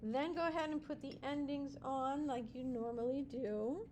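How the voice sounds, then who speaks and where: A woman's voice: high voice, steady tone, moderate pace, background noise. A woman teaching a Spanish class, explaining step by step, checking in with students and mixing in Spanish praise and playful nicknames.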